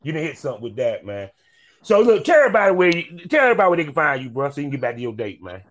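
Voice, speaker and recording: A laid-back man hosting a casual chat show, talking in loose slang. His voice sits high for a man. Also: very animated, rapid-fire, a bit bright. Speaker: podcast host.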